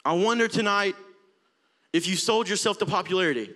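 A young man from Alabama with an Alabama accent preaching a sermon in a church auditorium, passionate, swelling from quiet talk to near-shouting. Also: sits high, fairly quick. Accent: Southern US, Alabama. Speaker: youth preacher.

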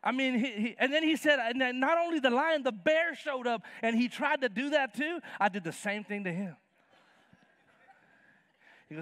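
A man in his fifties delivers a sermon from a church stage, his voice sitting high. He acts out Bible scenes in casual, slangy voices with plenty of energy. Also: expressive, normal speed, a bit bright, no echo. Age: 50s. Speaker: pastor. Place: church sanctuary.

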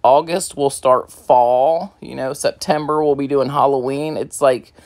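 A woman's voice: extremely low pitch, fairly even intonation, unhurried, a little mellow. A woman crafting vlogger talking casually through her project, slightly out of breath, rambling with many ums and you-knows. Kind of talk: casual crafting tutorial talk.

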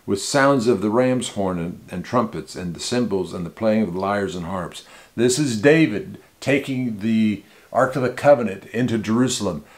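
A man's voice: lowish voice, moderate pace. A man preaching a conversational sermon to a small church, teaching in an informal way with frequent restarts and repeated words. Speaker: pastor.

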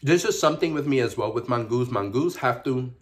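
A man's voice: medium pitch, lively intonation, a little fast, a little hiss or hum. A man talking casually while eating on his food vlog, savoring each bite with frequent pleased murmurs. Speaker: mukbang vlogger.

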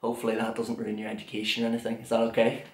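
A man's voice: mid-range voice, monotone, very fast. A young man leading a kids' drum lesson, chanting call and response in a playful, sing-song way. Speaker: children's drum workshop leader. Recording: echoey room with drum music. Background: drum and percussion beat.

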